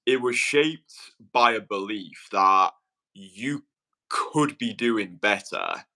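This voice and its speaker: A man hosting a casual interview speaks in a lowish, bright and forceful voice. He is measured and reflective, feeling his way through each point with small restarts. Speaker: host and dating coach.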